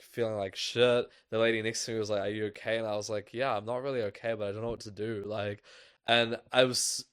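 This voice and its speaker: Young male podcast host, low smooth voice, rambling "like"-filled storytelling, dry close mic. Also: no echo. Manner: loose, filler-heavy storytelling with lots of "like". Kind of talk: casual storytelling.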